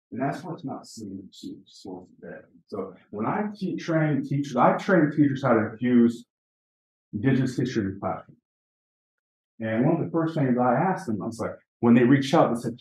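This Apache Native American man, his voice medium-pitched and a little mellow, presents to teachers in a conference session room. He talks easily, tells stories, and puts questions to the audience. The mic sits far off in a roomy room, so his voice echoes.

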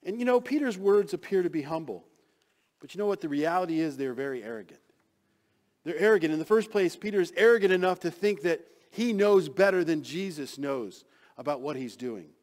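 A man preaching a sermon as pastor, acting out quoted lines with sudden swings from loud to soft. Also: fairly high pitch, animated, brisk.

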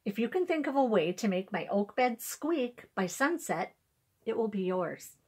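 A woman's voice: a little high, big pitch swings, moderate pace, husky. A woman reading a storybook, voicing a proud, sly traveling peddler who boasts about his wares. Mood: boastful.

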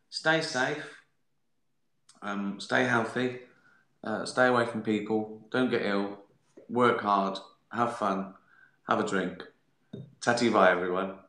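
Slow, bright-voiced man, echoey room. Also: medium pitch. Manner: rambling, hesitant, with dry jokes. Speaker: host answering viewer questions. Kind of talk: casual live-stream chat. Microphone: phone streaming live. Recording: roomy, echoey room sound.

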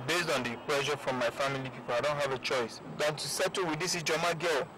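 A man's voice: a little high, fast, background noise, lightly acted. An actor playing a young man torn between his lover and his family, with a Nigerian accent, speaking wearily. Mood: exasperated. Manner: weary, exasperated.

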